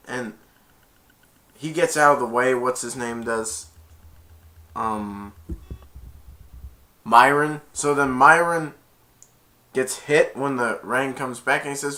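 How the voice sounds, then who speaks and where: A young amateur reviewer casually retells a movie plot, rambling a bit slowly with long pauses. He jumps into loud, high voices whenever he plays the characters.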